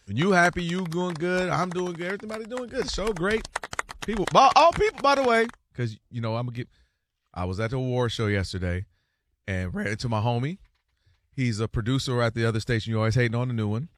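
A man's voice: medium pitch, fast talker, a bit bright, a little hiss or hum. A man co-hosting a sports radio show in casual, teasing banter full of slang. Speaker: co-host.

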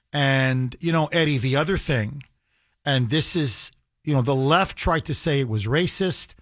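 A man's voice: medium pitch, dry recording, clean studio sound. A man hosting a call-in radio talk show, speaking in an emphatic, heated way and repeating himself as he pushes his points.

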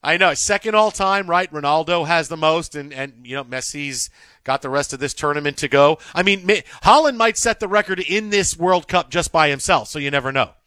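Sports talk host, male, rambly and jokey, a bit high, dry studio sound. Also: fairly quick, bright, forceful tone, no room sound. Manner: rambling, jokey, repeats words.

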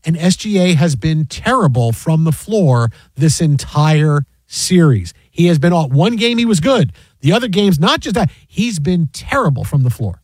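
A man's voice: fairly high pitch, normal speed, few pauses, breathy edge, no room sound, rough recording. A man hosting a sports radio show, talking casually and animatedly, often acting out other people's voices. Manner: animated, acts out quoted voices.

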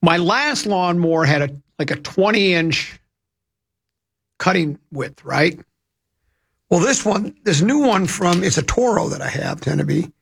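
A man's voice: high-pitched, animated, a little slow, pauses often, a bit bright, slightly rough. A man hosting a radio talk show, telling rambling, chatty anecdotes into a studio microphone. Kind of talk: casual radio storytelling.

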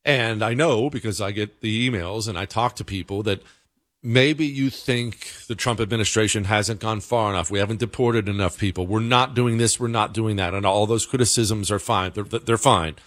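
A man's voice: moderate pace, no room sound. A man hosting a casual political commentary show, talking in a conversational, emphatic way. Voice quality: conversational, emphatic, excitable pitch jumps.

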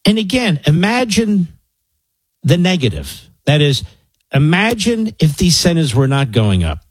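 Emphatic husky talk radio host, a man. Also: sing-song, measured pace, no echo, rough recording. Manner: emphatic, opinionated, rising and falling pitch. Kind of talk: talk radio, taking calls.

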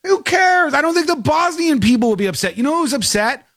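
A man's voice: very high-pitched, sing-song, fairly quick, a bit bright, no echo, studio quality. A man hosting a talk show, commenting in a mocking, exasperated way. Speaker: show host.

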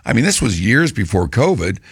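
A man's voice: on the low side, sing-song, a little fast, husky, no room sound, studio quality. A man hosting a talk radio show, questioning a guest conversationally with fillers. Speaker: radio host.

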